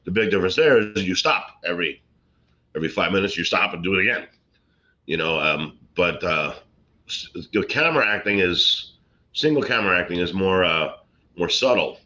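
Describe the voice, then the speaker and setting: A middle-aged man, a comedian telling rambling stories and deadpan jokes in a casual interview. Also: deep voice, normal speed. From Brooklyn, New York. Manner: rambling, joking, deadpan punchlines. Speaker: guest, comedian and actor. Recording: slightly muffled lo-fi recording.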